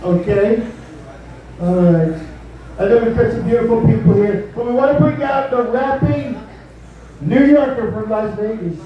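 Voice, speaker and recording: A man's voice: very high voice, unhurried, pauses often, heavy reverb, far from the mic, dull audio, a little hiss or hum. A man doing a live stand-up impression of a brash, boastful older male politician, rambling and tacking "okay?" onto his lines. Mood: boasting. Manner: rambling, bragging, repeats "okay?".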